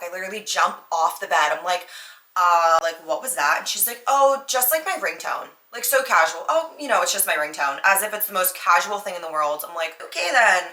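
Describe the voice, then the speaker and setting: Chatty young woman podcaster, bright voice. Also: lowish voice. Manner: chatty, animated, lots of "like", acts out quotes. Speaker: podcast host. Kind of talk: casual storytelling monologue. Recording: echoey room.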